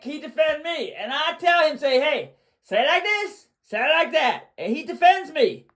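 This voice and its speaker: A man hosting a livestream, ranting boastfully and repeating himself, often bursting into shouts. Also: very high voice. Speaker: livestream host.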